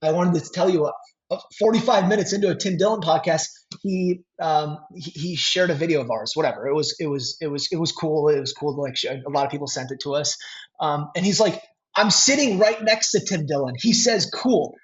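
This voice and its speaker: A man's voice: fairly high pitch, a little fast. A man from Minnesota with a Minnesotan accent, chatting as a podcast guest and telling stories with lots of restarts. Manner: animated storyteller, laughs often, many restarts. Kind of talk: casual podcast chat. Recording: dull lo-fi sound.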